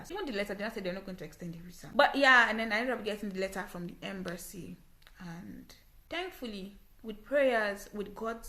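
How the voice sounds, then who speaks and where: A young woman with a Nigerian English accent and a bright, forceful voice tells her own story straight to camera. She is earnest and emphatic and repeats phrases to drive points home. The sound bounces around a small echoey room. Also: mid-range voice. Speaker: vlogger.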